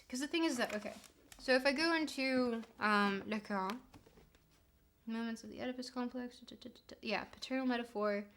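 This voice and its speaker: Streamer type: Canadian woman with a slightly high voice, chatty, digressive and profane, talking casually to her chat. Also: fairly bright tone, slight background noise. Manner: rambling, profane, quick tangents while answering chat.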